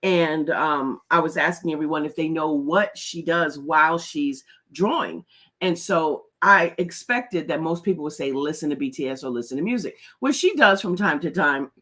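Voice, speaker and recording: A woman's voice: low-pitched, moderate pace, a bit bright. A middle-aged woman hosting a casual live stream, chatty and laughing often as she greets viewers by name. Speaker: host.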